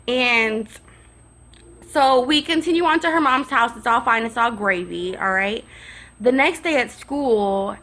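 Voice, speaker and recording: A young woman with a bright, forceful voice tells a storytime vlog with plenty of sass and attitude. She sits a little high in pitch and acts out the other people in her story as she goes. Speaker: vlogger.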